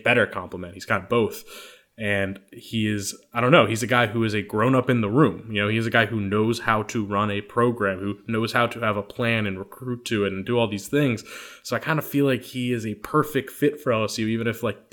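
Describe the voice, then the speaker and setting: A man who is a sports reporter and podcast co-host, talking about football in a relaxed, chatty way. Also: fairly low pitch. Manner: relaxed, chatty, laughs easily. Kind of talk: casual sports talk.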